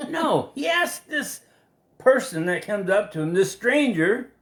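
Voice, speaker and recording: Slow, animated man teaching Bible study. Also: high-pitched. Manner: animated, laughing, acting out quotes. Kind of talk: casual live Bible study.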